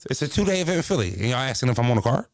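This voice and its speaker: A man's voice: medium pitch, big pitch swings, rapid-fire, dry recording, clean studio sound. A man streaming casually as a battle-rap commentator, talking in a brash, profane, rambling way and repeating himself.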